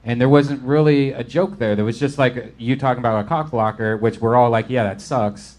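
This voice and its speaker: Guy giving blunt notes on a comedy set, regular pitch. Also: brisk, darkish tone. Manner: frank, critical notes. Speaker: comedy panelist.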